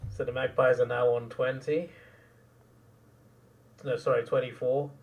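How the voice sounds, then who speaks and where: A young man reacting live to a football match, excitable and quick to laugh, sometimes trailing off into mumbles. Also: mid-range voice, vocal fry, distant mic.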